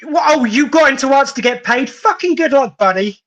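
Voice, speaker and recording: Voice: high voice, lively intonation, fairly quick, fairly bright tone. Wry southern English host. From southern England. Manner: wry, teasing. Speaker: podcast host. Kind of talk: casual chat, reading viewer messages.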